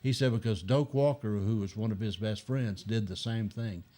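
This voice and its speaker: Older man telling animated stories. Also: fairly low pitch, moderate pace. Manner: animated anecdotes, acting out other people's lines. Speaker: guest. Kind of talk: storytelling in casual chat.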